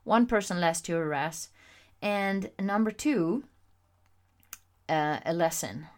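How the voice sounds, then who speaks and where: A woman with a somewhat low-pitched voice tells a personal story on her podcast. She talks candidly and expressively, pausing often with fillers as she goes. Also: a little mellow. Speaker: podcast host.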